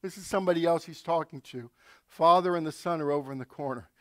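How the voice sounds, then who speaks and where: A man's voice: on the high side, fast talker, no room sound, studio quality. A male pastor preaching a sermon, telling stories and acting out quotes with asides to the congregation.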